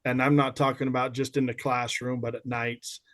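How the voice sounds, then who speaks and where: A podcast guest in his fifties, speaking at medium pitch and a moderate pace, tells stories from his school days in a casual chat. He's animated and laughs as he shares the anecdotes.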